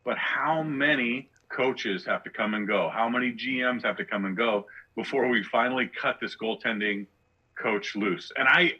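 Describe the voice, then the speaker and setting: A man's voice: medium pitch, normal speed, husky, highs cut off. A male comedian on a podcast, ranting with sarcastic rhetorical questions in casual chat. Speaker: guest comedian.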